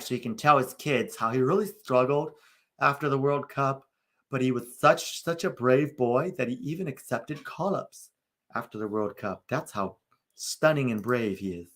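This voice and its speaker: A man's voice: mid-range voice, moderate pace, a bit bright. A young man hosting a live soccer watch-along, chatting casually with sarcastic rants and swearing. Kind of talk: casual live-stream chat.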